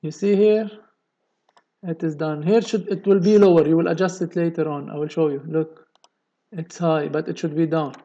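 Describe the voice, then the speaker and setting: A man's voice: on the high side, fairly even intonation, mellow, muffled recording. A man with a delivery, explaining a technical drawing step by step in a screen-recorded tutorial. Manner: slow, step-by-step explaining with many okays. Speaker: engineering tutorial presenter.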